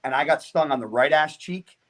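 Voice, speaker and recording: Profane, animated storytelling man. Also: fairly high pitch, fairly quick. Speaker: podcast guest. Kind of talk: casual storytelling.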